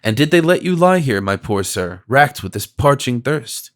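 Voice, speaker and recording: A smooth-talking stranger with a gentle, flattering voice, full of sympathy that never quite rings true, as a man reads him in an audiobook. He talks at an even, middle pitch. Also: normal speed, close to an everyday voice. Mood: solicitous. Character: smooth, solicitous male stranger, a confidence man.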